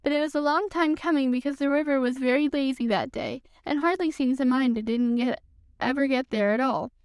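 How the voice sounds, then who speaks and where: A woman hosting a podcast, reading a children's storybook aloud in a calm, measured way. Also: sits high, smooth, no room sound. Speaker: podcast host, reader.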